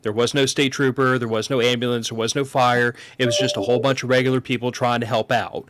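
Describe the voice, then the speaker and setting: A man co-hosting a podcast, telling a story in a measured, matter-of-fact way. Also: mid-range voice, little pitch movement, fairly bright tone, a little hiss or hum. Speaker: podcast co-host. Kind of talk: casual chat.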